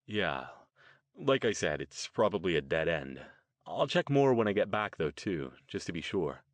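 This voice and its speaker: A man's voice: deep voice, very animated, moderate pace, no echo. A man voicing a young American man who is casual, informal and a little uneasy.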